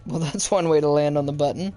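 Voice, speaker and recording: A man's voice: a little high, fast talker, mellow, soft background music. A young man giving casual let's-play commentary, chatting and joking with his viewers as he plays. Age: young adult. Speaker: gaming youtuber.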